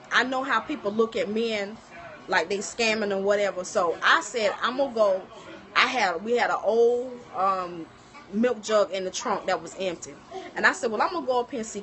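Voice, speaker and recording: A middle-aged woman chatting casually on a livestream, telling stories and talking straight to her viewers. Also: mid-range voice. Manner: animated storytelling, addresses viewers as y'all. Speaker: livestream host. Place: home kitchen.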